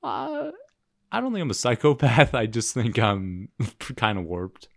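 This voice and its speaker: A man's voice: mid-range voice, huge pitch swings, a little slow, creaky, dry recording, clean studio sound. A young man co-hosting a podcast, telling a story with frequent laughter and profanity in casual chat. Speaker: podcast co-host.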